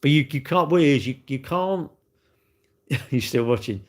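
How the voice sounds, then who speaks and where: Male livestream host, mid pitch, rambling, blunt, off-the-cuff chat. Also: expressive, normal speed. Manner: rambling, repetitive, blunt, chatty. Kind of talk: casual chat to live viewers.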